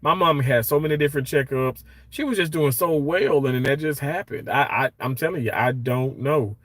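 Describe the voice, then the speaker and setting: A man's voice: medium pitch, fairly quick, dry recording. A man hosting a casual livestream, reading out viewer comments and greeting them by name in a chatty, rambling way with lots of fillers. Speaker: livestream host. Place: hospital workplace.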